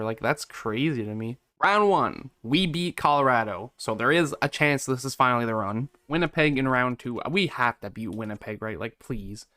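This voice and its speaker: A man's voice: medium pitch, a bit bright. A young man giving gameplay commentary, exasperated and swinging between hope and letdown. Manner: exasperated, swings from hopeful to deflated. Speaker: gaming YouTuber.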